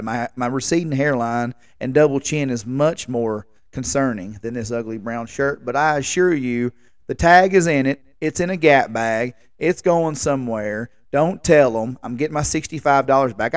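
A man in his late thirties hosts a casual podcast, spinning exasperated, rambling tales and cracking jokes at his own expense. His voice sits at a plain, middle pitch. It is recorded close up in a dead, dry space. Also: smooth, no room sound. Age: late 30s. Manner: exasperated, rambling, self-mocking banter. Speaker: podcast host. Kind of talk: casual comedic storytelling monologue.

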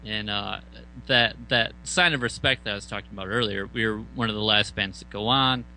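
A man casually telling a band story, swearing often and acting out loud outbursts. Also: lowish voice, fairly quick, slight background noise, poor audio. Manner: profane, animated retelling with loud mock outbursts.

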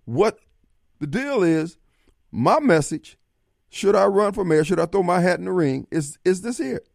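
Fired-up talk radio host. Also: male voice, high voice, lively intonation, a little slow, creaky, a little mellow, dry recording, studio quality. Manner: blunt, streetwise, fired-up.

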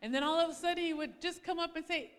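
A preacher's wife gives a sermon-style personal testimony to a congregation in a large hall, her high, bright voice animated and fast. She tells her story vividly, acting out quoted arguments with big pitch swings.

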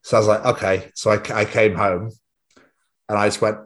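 A young man telling stories on a podcast with a lowish voice. He chats casually and excitedly, swearing freely as he goes. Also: moderate pace. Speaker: podcast co-host. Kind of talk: casual chat.

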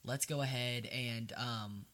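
A man co-hosting a casual podcast, retelling a story with animated energy. He slips into quick character voices as he goes, at an ordinary middle pitch. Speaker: podcast co-host. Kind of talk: casual chat retelling a book.

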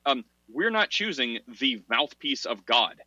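A man's voice: medium pitch, sing-song, a little slow, bright, forceful tone, no echo. A man co-hosting a casual religious discussion podcast, talking in long rambling runs full of fillers and laughing at himself. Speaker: podcast co-host. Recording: dull, dry podcast audio.

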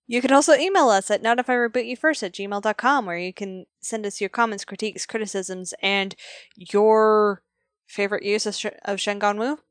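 A woman's voice: medium pitch, steady tone, moderate pace, no room sound. A woman co-hosting a podcast, chatting casually in a dry, laid-back way and laughing easily. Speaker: podcast co-host.

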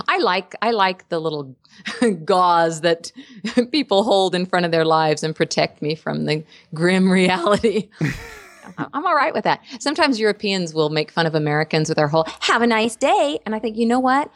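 A woman actress in casual interview chat, an animated storyteller who laughs often. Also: on the low side, moderate pace, no echo. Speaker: actress and voice performer.

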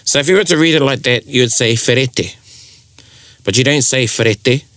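Man, New Zealand Māori accent, casual talk, lively storyteller, dry recording. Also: medium pitch, very fast, no echo. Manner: animated storyteller who acts out quoted speech. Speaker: te reo Māori speaker in discussion. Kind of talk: casual chat.

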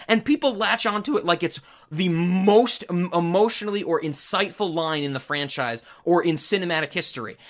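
Podcast host, male, fired-up movie rant, bright edgy tone, a bit high. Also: moderate pace, hardly any pauses. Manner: ranting, animated, swearing. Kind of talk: casual chat.

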